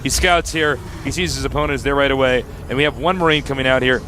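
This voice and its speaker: An esports commentator casts a live match with playful jokes and play-by-play that speeds up in tense moments. He talks fast in a mid-range voice with a sharp tone.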